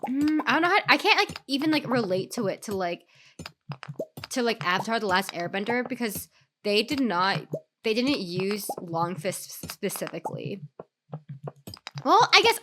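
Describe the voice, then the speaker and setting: A woman's voice: fairly high pitch, a bit bright, a little hiss or hum. A sick-sounding woman streaming a game, rambling casually with fillers, restarts and swearing. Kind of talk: casual gameplay commentary.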